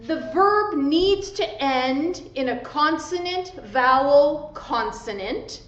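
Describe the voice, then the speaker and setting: A woman English teacher giving a slow, deliberate grammar lesson, spelling out letters and stressing syllables carefully. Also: sits high. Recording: echoey room, dull lo-fi sound.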